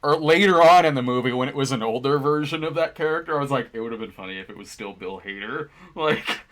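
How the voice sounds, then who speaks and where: Male co-host, casual film chat, halting and rambling, laughs a lot. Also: mid-range voice, fairly bright tone. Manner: rambling, halting with fillers and restarts, laughs often. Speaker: movie review co-host. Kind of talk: casual conversational film review.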